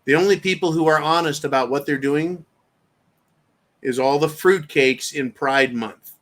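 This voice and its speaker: A man's voice: on the high side, a little slow, fairly bright tone. Brassy-voiced man ranting on his show. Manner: profane, combative ranting; reads viewer chat aloud. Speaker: show host. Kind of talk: live-stream commentary rant.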